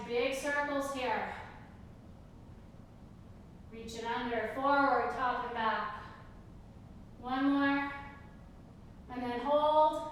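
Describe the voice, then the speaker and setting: A woman's voice: high-pitched, a little hiss or hum. A woman yoga instructor calling out cues for a live class, out of breath and cheering her students along. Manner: energetic breath-paced cueing with cheers. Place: yoga studio. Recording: roomy distant studio echo.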